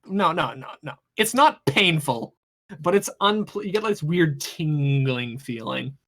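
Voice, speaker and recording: Halting, rambling tabletop game master. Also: mid-range voice, lively intonation, a bit bright. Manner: rambling, halting, many restarts.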